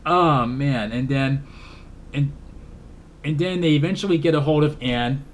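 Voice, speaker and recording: A man's voice: a little high, unhurried, a little hiss or hum. A man casually reviewing a movie, rambling, repeating himself and laughing often. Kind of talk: casual film review vlog.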